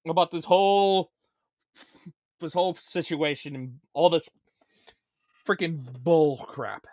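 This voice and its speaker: A high-pitched man hosts a casual live stream, talking in a ranting, stammering way that circles back on the same words again and again. His voice is dry and close, with no room sound, and the audio is dull and lo-fi. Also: takes it slowly, a little mellow, dry recording. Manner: ranting, stammering, repeats himself. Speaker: show host.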